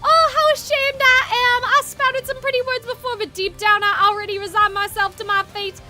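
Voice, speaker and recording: A woman's voice: extremely high pitch, level tone, normal speed, sharp tone, soft background music, pitched above the performer's own voice, full character voice. A woman voicing a flowery, theatrical young man hunter with a dry throat, speaking in grand, poetic phrases.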